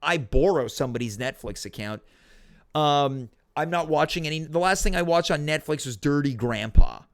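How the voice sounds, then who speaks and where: A man hosting a casual solo livestream Q&A from home, talking in an animated, rambling, self-deprecating way. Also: on the high side, normal speed. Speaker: talk show host.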